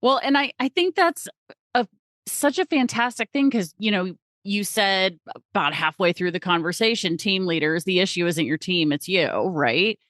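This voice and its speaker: A woman's voice: mid-range voice, lively intonation, normal speed, fairly bright tone, dry recording. Upbeat lady host on a podcast, agreeing and building on what her guest says, dry close sound. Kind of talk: casual podcast conversation.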